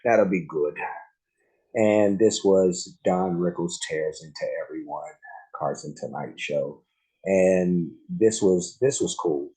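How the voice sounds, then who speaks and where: A man's voice: deep voice, takes it slowly, dark tone, poor audio. A man hosting a reaction video, talking loosely with lots of fillers and slang. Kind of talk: casual reaction commentary.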